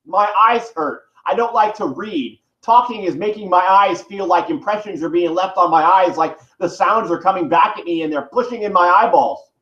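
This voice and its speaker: A man's voice: high voice, moderate pace, few pauses, a bit bright. A man vlogger in pain, delivering a heated, profane, rambling rant to the camera. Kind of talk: angry direct-to-camera rant. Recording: echoey room, dull lo-fi sound.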